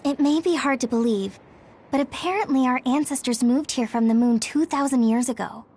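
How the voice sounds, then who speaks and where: An actress playing a gentle, kind-hearted young woman with a breathy voice who speaks hesitantly in a game cutscene. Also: sits high, normal speed. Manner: hesitant, apologetic.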